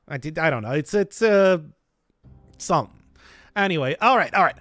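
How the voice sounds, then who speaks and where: A man's voice: on the high side, expressive, moderate pace, fairly bright tone, no echo, faint music behind. A man streaming a video game, chatting casually with jokes and rambling restarts while answering chat. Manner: jokey, rambling, self-interrupting. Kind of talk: casual gameplay commentary.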